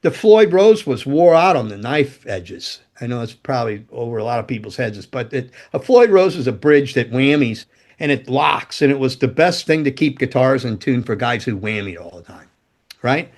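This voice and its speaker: An older man, a former rock roadie, telling stories as a podcast guest in a loose, profane, animated way. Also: medium pitch, moderate pace. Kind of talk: casual storytelling interview.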